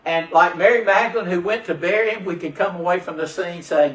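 A man's voice: high-pitched, a little fast. Man preaching in an echoey church. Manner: call-and-response preaching with rising, fervent prayer passages. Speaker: pastor. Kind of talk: sermon. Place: church sanctuary. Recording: roomy church sound from a distant mic.

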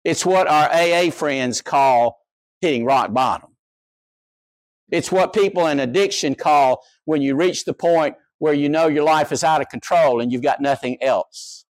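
A man preaching a sermon as pastor, animated, swinging from soft asides to raised exclamations. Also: on the high side, no room sound.

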